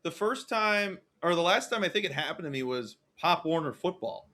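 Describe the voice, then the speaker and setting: A podcast co-host with a high-pitched, bright voice. He tells stories in an animated way and acts out the other people's lines with loud exclamations. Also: moderate pace. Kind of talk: casual sports-betting podcast chat.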